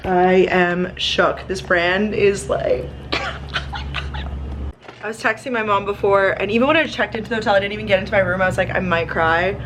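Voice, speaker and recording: Young female vlogger, chatty and excitable, talks to camera at arm's length. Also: medium pitch, fast talker, few pauses, noisy background. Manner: chatty, lots of likes, easily excited. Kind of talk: casual chat to camera. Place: apartment and hotel room, indoors.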